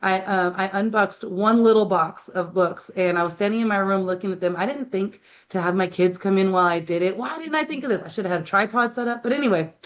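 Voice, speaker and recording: A woman's voice: mid-range voice, fast, few pauses. A woman guest on an interview podcast, telling her story in an emphatic, emotional and heartfelt way. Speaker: guest, accountant and author. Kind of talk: casual interview chat.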